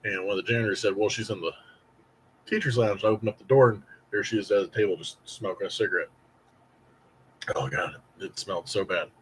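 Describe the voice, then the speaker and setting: The poor-quality audio captures a candy review host from Indiana, a man in his late thirties, speaking fast in a lowish voice with a breathy edge. He rambles through a long childhood story to camera, animated and acting out quoted voices.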